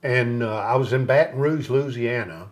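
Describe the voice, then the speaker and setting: A man's voice: medium pitch, moderate pace. A man who is a guest on an interview show, telling stories and acting out what other people said. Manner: lively storyteller who acts out other people's lines. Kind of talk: storytelling in a casual interview.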